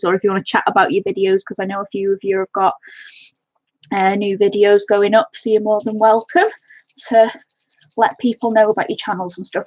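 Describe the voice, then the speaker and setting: A woman with a medium-pitched, darkish voice colours on a live stream from home, chatting fondly and greeting viewers by name. There's no echo, and the home stream audio is dull and lo-fi.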